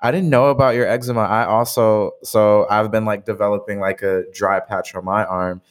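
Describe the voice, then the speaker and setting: Young male podcast co-host, very low voice, casual rambling delivery. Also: steady tone, normal speed. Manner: rambling, heavy use of "like". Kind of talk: casual chat.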